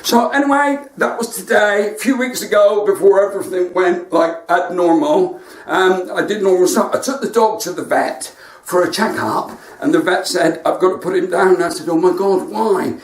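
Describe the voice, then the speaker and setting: A male comedian with a West Country accent fires off one-liners and chats to his online viewers. His voice sits a little high, and it comes from some way back from the mic. The room around him echoes. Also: moderate pace, far from the mic. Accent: West Country English. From West Country, England. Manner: cheeky joke-telling with asides to viewers. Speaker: stand-up comedian. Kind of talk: stand-up comedy livestream.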